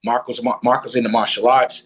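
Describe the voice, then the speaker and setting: A man's voice: medium pitch, little pitch movement, a little fast, slightly rough, low-quality recording. A man telling a personal story as a podcast guest, blunt and profane.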